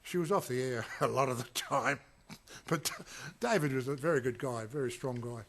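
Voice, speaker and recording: Bright-voiced man rambling through old stories. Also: medium pitch, normal speed. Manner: rambling storyteller with many fillers and restarts; acts out quotes with sudden loud shouts. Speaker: actor recalling a film shoot. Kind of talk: casual anecdotal reminiscence.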